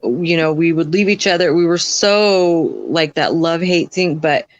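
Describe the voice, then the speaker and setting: A woman, a podcast guest, telling a hard personal story in a frank, blunt way, with many fillers and quick voice shifts when she quotes others. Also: fairly low pitch, highs cut off.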